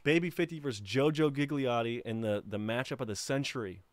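A man's voice: medium pitch, a little fast. Man hosting a laid-back livestream. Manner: laid-back, rambling, laughs easily. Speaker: livestream host. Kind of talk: casual livestream chat.

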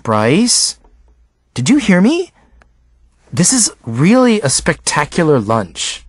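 A catty teenage girl who mocks and needles everyone around her, voiced by a man reading an audiobook. Her voice lifts high and swoops about, and the sound is dry and close. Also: wildly swooping pitch, slow, no echo, exaggerated voice. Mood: snide. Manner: teasing, sarcastic.

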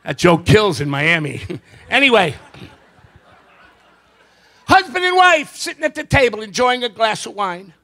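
Male stand-up comic, high and lively, joke-telling with quick character voices. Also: some chatter behind. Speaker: comedian and magician. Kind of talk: stand-up comedy routine. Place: live show before an audience.

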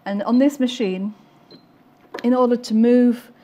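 A woman's voice: a little high, steady tone, measured pace, warm tone. Woman, quilting demonstrator, chatty, explains as she sews, sewing machine behind. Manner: chatty, self-deprecating, explains while sewing. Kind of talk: casual demonstration chat.

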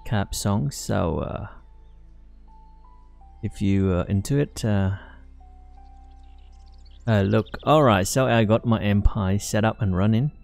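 A man talks through his game at a very slow, unhurried pace, and his voice has a gravelly, creaky edge. He sits a little low in pitch and rambles casually, stopping often on fillers. Faint game music plays behind him. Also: darkish tone. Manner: halting, rambling, many fillers. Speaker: let's play host. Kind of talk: casual gameplay commentary.

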